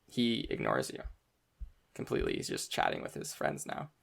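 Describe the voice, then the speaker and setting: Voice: a bass voice, wildly swooping pitch, moderate pace, creaky, slight background noise. A game master narrating a tabletop game in a casual way, with lots of ums and uhs. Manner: casual, filler-heavy narration with frequent ums.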